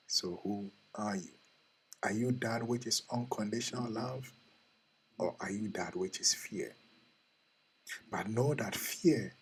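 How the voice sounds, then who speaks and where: A man with a somewhat husky, breathy voice gives an earnest motivational talk. He repeats short questions to the listener and talks to them directly and intimately. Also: on the low side, slow pace, long pauses, low-quality recording. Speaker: host.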